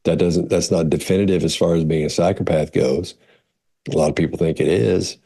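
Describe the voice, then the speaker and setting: A man's voice: deep voice, steady tone, brisk, creaky, mellow, breathy edge. A man, a body language expert, casually answering viewer questions in a rambling way, often restarting his phrases. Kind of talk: casual explanatory talk.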